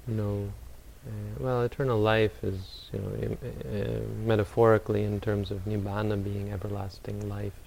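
Low, gravelly, calm meditation teacher man. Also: slight background noise, rough recording. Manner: calm, unhurried, gently advising. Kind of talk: answering audience questions.

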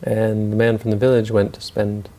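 A man's voice: lowish voice, monotone, moderate pace, mellow. A man telling a story aloud in a loose, unscripted way, with restarts and asides. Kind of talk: spoken storytelling talk.

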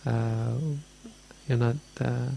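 A man's voice: medium pitch, completely flat delivery, drawn-out words, creaky, warm tone, exaggerated voice. A man voicing a skeptical male god-king disguised as a nobleman, asking probing questions in a retold story.

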